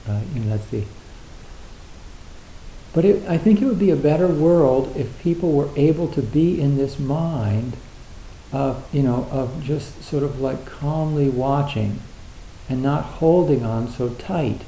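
Hesitant man musing, very mellow voice. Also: medium pitch, a little slow, roomy sound, a little hiss or hum, rough recording. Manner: hesitant, many fillers and restarts, acts out little dialogues. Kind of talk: reflective casual talk.

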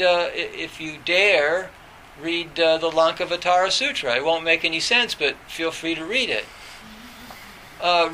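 A man's voice: high voice, pushed and bright, a little hiss or hum, rough recording. A man giving a Zen dharma talk in a rambling way, with many fillers and restarts. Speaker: Zen teacher.

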